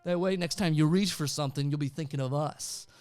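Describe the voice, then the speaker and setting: A man voicing a cold, cruel female inquisitor who makes loud threats. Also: fairly high pitch, fairly quick, clean tone, close to an everyday voice. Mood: threatening.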